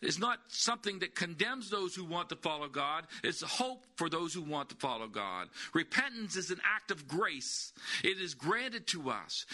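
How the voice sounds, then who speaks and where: A man's voice: high voice, sharp tone. A man preaching a sermon, emphatic, repeating key words and asking rhetorical questions.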